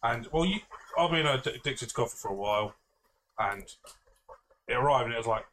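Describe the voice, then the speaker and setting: A man's voice: medium pitch, expressive, a little fast, a bit bright, slight background noise. A man, a podcast co-host, telling a rambling self-mocking story in casual chat, swearing freely and laughing often.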